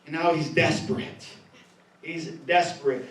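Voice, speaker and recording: A man's voice: on the high side, steady tone, unhurried. A pastor preaching a sermon, reading scripture and then driving his points home by repeating key phrases with emphasis. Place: church. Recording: echoey room, voice from a distance.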